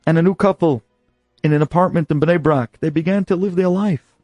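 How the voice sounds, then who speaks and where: A man telling an inspirational story with dramatic, animated delivery, slipping in Hebrew and Yiddish terms. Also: fairly high pitch, fairly quick, dry recording, soft background music.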